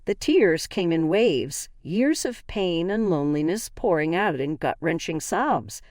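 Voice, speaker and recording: A woman tells a dramatic family story in the first person, and her fairly low voice rises and falls a great deal. The recording is dry and close, with no room sound around her. Her delivery leans into the emotion of each scene. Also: lively intonation, measured pace, darkish tone, dry recording. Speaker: narrator.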